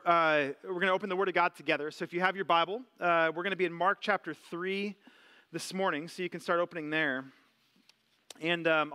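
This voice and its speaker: A man's voice: high voice, pushed and bright, clear, resonant tone. A man preaching a sermon as a church pastor, casual and chatty, with many fillers and restarts. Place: church sanctuary.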